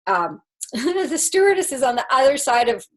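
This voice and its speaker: A woman coach telling a personal story in a lively, casual way, full of "like" and "you know". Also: high voice, moderate pace, low-quality recording. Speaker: life coach and speaker.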